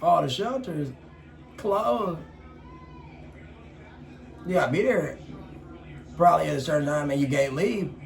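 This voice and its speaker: A man's voice: on the high side, animated, slow pace, vocal fry, pauses often. A young man chatting casually and joking while he eats on a vlog, with loose, laid-back talk and free swearing. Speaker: vlogger. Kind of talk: casual eating vlog chat. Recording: echoey room, faint background noise.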